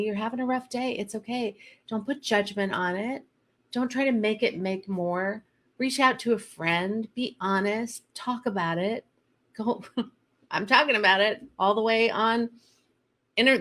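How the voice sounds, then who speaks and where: A middle-aged woman coach talking candidly and heartfelt to her viewers, confessional and direct. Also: medium pitch. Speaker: coach and host. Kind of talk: candid talk to camera.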